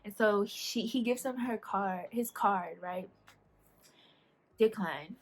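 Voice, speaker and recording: A woman's voice: medium pitch, slow pace. Young woman w/ doing a storytime vlog, chatty, laughing, acts out everybody's lines. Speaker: vlogger. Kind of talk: casual storytime chat.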